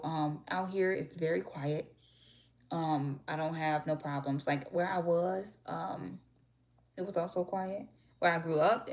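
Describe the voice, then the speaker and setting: Chatty young woman vlogging, rambling. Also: fairly low pitch. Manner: chatty, rambling, animated storytelling. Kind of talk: casual chat to viewers.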